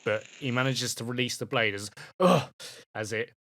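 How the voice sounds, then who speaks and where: A man's voice: medium pitch, fairly even intonation, a little fast, bright, forceful tone, no echo. A man running a tabletop role-playing game as game master, narrating loosely with many fillers. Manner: casual, rambling narration full of fillers.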